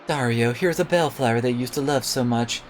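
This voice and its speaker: Man reading a polite gentle noblewoman. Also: medium pitch, brisk, a little hiss or hum, close to an everyday voice, rough recording. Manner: polite, formal.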